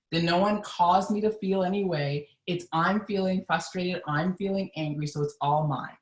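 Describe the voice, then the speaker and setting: A woman with a slightly low voice coaches her viewers on a live stream. She speaks earnestly and with emphasis, addressing them directly. Her voice carries a roomy echo. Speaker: mindset coach.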